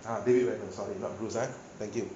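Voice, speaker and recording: A man's voice: lowish voice, steady tone, fast talker, muffled recording, background noise. A male pastor giving a sermon, telling a story with animation and often checking in with his listeners. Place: church hall. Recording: echoey hall, faint ambience.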